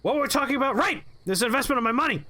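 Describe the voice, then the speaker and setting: A man's voice: extremely high pitch, animated, rapid-fire, sharp tone, pitched above the performer's own voice, heavily acted. A man putting on a raging, frantic middle-aged boss who screams and rants over and over. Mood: frantic ranting. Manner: screaming, frantic, repetitive ranting.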